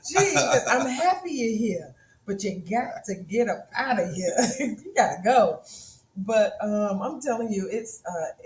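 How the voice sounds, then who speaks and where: A middle-aged woman co-hosting a casual talk, telling stories in an animated way and often laughing. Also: a little high, unhurried. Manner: animated storytelling with frequent laughter. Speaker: co-host. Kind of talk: casual chat. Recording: echoey room with faint noise.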